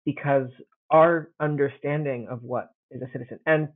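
A man's voice: medium pitch, fairly even intonation, normal speed, no echo. Man on a tinny, dry line, rambling aloud. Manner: rambling, self-deprecating, thinks aloud with many restarts. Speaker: podcast co-host, classics scholar. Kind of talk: casual academic chat.

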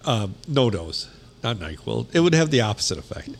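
A man co-hosting a podcast, dry and deadpan in casual banter. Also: medium pitch, moderate pace, vocal fry. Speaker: podcast co-host.

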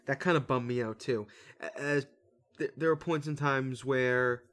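A man's voice: mid-range voice, steady tone, a little slow, fairly bright tone. A man co-hosting a casual movie review chat. He rambles and stumbles over his words, swearing casually. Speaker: podcast co-host.

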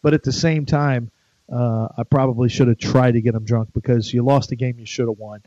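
A man's voice: medium pitch, fairly even intonation, brisk, dark tone, no room sound. A middle-aged man hosting a sports talk show, rambling, chatty and jokey. His voice sits in an ordinary middle range. The sound is dry and a little dull. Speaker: sports radio host.

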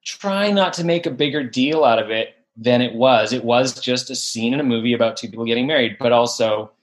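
Excited actor guest, animated storyteller. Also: male voice, mid-range voice, a little fast. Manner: enthusiastic, acts out quotes in voices. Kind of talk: animated interview talk.

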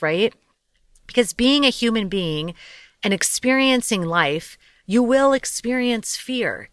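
A young woman hosts her own podcast, chatting casually about life coaching in a mid-range voice, with studio-quality sound and no echo. She's animated and talkative, laughing often, swearing lightly, and drifting into loose asides during this casual solo podcast talk.

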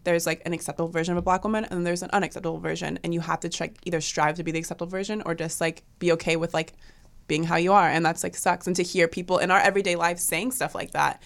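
A young woman hosting a casual talk show, chatting quickly and animatedly with many fillers. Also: lowish voice, vocal fry. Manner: fast, animated, lots of "like" fillers. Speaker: podcast host. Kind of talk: casual conversation.

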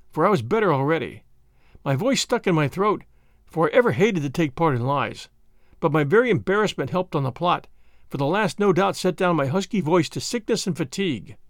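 A man narrating a classic novel in a measured, expressive storytelling manner into a close studio mic. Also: on the high side, no echo. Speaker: audiobook narrator.

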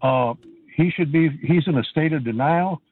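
A man calling in to a radio show, ranting indignantly with hesitant pauses. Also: on the high side, dry recording. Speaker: caller. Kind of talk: angry call-in rant. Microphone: telephone. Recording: tinny phone line.

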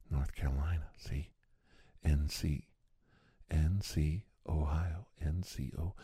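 A man's voice: rumbling low, mellow, slightly rough, no room sound, clean studio sound. A man in a rambling conspiracy-style comic monologue who keeps saying "see?" and drops into sudden whispers.

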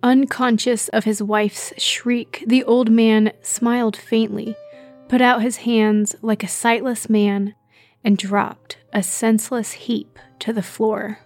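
A woman narrating a story in a slow, measured reading. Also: a little high, little pitch movement, a little mellow, soft background music. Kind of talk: audiobook narration.

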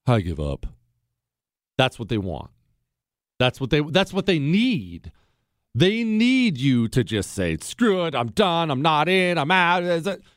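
A man's voice: fairly high pitch, no room sound, clean studio sound. A man hosting a talk radio show, speaking in a fiery, emphatic way and repeating lines for punch as he answers listener mail.

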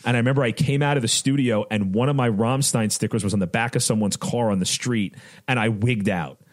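A man recounting his music industry days in a casual interview, animated and quoting his own past reactions. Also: medium pitch, a little fast. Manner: animated, quotes himself with raised voice.

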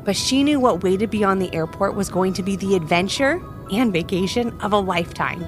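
A woman's voice: medium pitch, expressive, normal speed, music in the background. A young woman narrating a children's story in a bubbly, exclamatory, sing-song manner. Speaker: storyteller host.

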